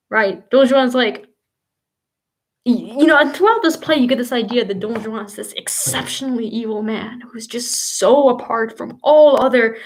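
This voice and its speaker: Warm-up host for a literature livestream: a woman, fairly high-pitched, eager and chatty, full of "you know"s. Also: poor audio. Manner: enthusiastic, gushing, with frequent fillers. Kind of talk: casual livestream book discussion. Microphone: home livestream mic.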